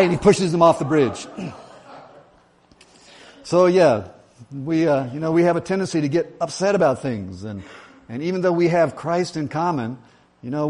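Folksy pastor preaching. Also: male voice, on the high side, darkish tone. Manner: folksy, self-deprecating, many fillers. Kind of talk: sermon with a told joke. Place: church.

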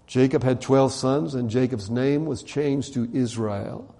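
A man delivers a sermon in a loose, conversational storytelling style. His tone is mellow and dark, and he animates the quotes and leans on casual fillers. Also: mid-range voice, unhurried. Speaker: preacher.

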